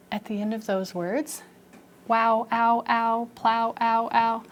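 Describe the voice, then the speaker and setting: A young woman teaching an elementary phonics lesson in a classroom, telling stories and coaxing the students along in a lively, playful way. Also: on the high side, a little hiss or hum. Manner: animated storytelling, playful and expressive with students.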